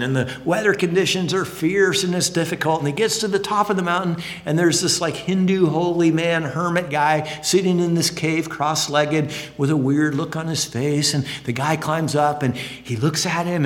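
A male pastor preaching a sermon in an earnest, conversational way, swinging between high emphatic phrases and low quiet ones. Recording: long hall reverb.

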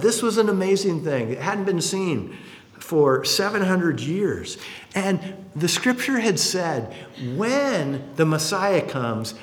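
A man preaching a sermon in an animated way, acting out the people in his stories. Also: on the high side. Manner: animated, acts out quotes. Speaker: pastor. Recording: roomy hall reverb.

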